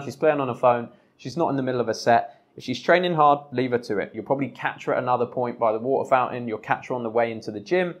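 A young man coaches listeners on dating in a blunt, direct monologue. His voice sits in a middle pitch, and he drops in swear words without a second thought. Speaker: podcast host.

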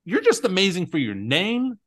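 A man's voice: sits high, wildly swooping pitch, moderate pace, a bit bright. Rambling, chatty podcast host man. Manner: chatty, rambling with many fillers. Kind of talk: casual chat.

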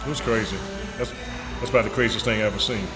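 A nightclub head of security casually tells stories in an interview at a busy restaurant, acting out dialogue in raised voices. His lowish voice is fast and fairly even in intonation. The rough recording picks up music and crowd chatter.

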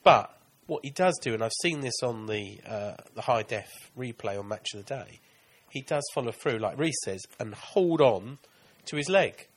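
A man's voice: mid-range voice, expressive, normal speed, hardly any pauses, husky. Male co-host, mid voice, argumentative and insistent in casual chat. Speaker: podcast co-host.

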